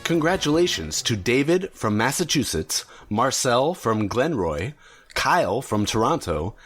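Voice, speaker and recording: A man's voice: mid-range voice, sing-song, measured pace, fairly bright tone, slightly rough, soft background music. A man hosting a solo podcast, talking casually and rambling a bit with fillers and restarts. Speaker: podcast host.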